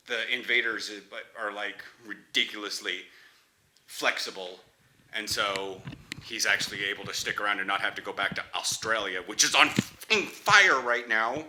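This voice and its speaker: A man's voice: on the low side, sharp tone, a little hiss or hum. A young man, a football player, chatting casually in a rambling way, restarting sentences and laughing often.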